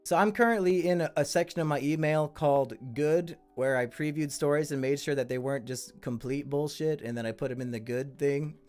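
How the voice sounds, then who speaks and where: Man, live-stream host, blunt and crude, fairly high voice, faint music behind. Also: a little fast, few pauses, a little mellow. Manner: blunt and crude, swearing freely; chatty asides to the chat. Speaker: live-stream host reading viewer stories.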